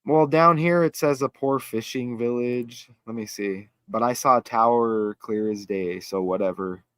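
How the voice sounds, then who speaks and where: A man hosting a casual livestream chat, excitable and rambling, thinking aloud as he reads. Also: medium pitch, a little slow, dry recording. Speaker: host.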